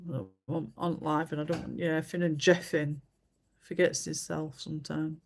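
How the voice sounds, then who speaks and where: A woman's voice: sits low, level tone, measured pace, creaky. A woman, chatting casually on a livestream and telling stories with many fillers. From England. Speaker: livestream host. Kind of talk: casual chat while colouring.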